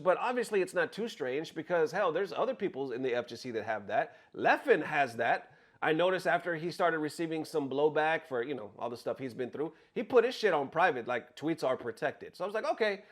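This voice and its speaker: A man talking casually to his viewers, swearing freely and acting out what other people said. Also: a little high. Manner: animated, swears freely, acts out quotes. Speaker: content creator. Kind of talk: casual commentary vlog.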